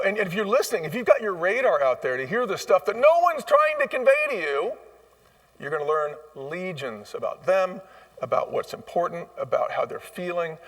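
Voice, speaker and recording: A man's voice: high-pitched, a bit bright, far from the mic. A man speaking as a guest in a live onstage interview, telling stories emphatically and acting out bits of dialogue. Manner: emphatic, acts out quoted dialogue. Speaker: former restaurant chain CEO, guest. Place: conference stage.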